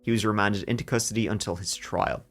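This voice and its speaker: A man hosting a true crime podcast, telling the story in a lively way with jokes along the way. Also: fairly low pitch, fast talker, soft background music. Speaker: podcast host.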